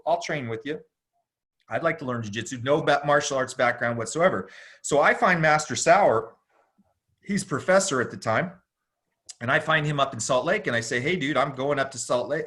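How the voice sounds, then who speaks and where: A man's voice: mid-range voice, bright, forceful tone. A middle-aged man tells a story as a podcast guest. His talk is loose and slangy, and he drops "dude" often. His voice rises and falls with the story. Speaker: podcast guest, jiu-jitsu instructor. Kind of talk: casual storytelling.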